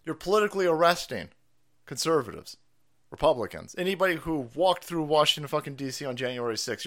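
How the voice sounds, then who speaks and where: A man's voice: mid-range voice, fairly bright tone. A man hosting a live stream, ranting with profanity and sarcasm. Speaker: host. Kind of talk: live-stream political rant.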